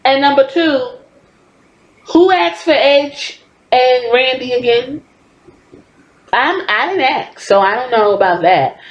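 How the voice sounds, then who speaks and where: A woman's voice: sits high, animated, slow pace, pauses often, reverberant, lo-fi sound. Blunt, profane woman in her thirties. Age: 30s. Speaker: podcast host. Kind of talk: casual wrestling commentary. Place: home.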